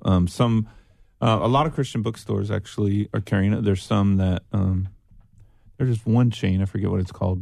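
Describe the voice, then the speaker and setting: Middle-aged male guest, gravelly, dry close mic, loose and jokey delivery. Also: low voice, warm tone, dry recording. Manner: rambling, loose, jokey, many fillers. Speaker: guest musician. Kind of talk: casual podcast interview.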